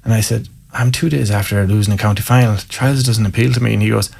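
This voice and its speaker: Gravelly Irish man telling stories. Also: lowish voice, steady tone, fast talker, darkish tone. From Ireland. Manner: candid and self-mocking, laughs through anecdotes. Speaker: guest. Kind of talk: storytelling in an interview.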